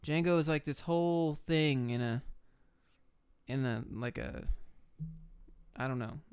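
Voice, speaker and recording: A young man answering viewer chat questions on a live stream, giving quick, blunt, offhand answers. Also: medium pitch, darkish tone, clear, resonant tone, no echo. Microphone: camera and desk mic.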